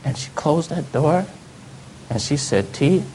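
A man telling a personal testimony in an earnest storytelling way, often dropping to soft low tones. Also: animated, unhurried, slight background noise. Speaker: speaker giving testimony.

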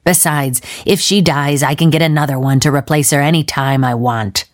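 A woman's voice: sits low, steady tone, moderate pace, natural voice. A woman voicing a shrewd, toothless old woman who sells children, speaking in a sing-song way. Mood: callous.

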